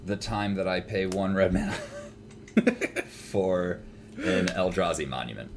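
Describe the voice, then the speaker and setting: A man's voice: deep voice, slow, noisy background. A man playing a card game in casual chat, dry and wry, calling out his coin flips. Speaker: player.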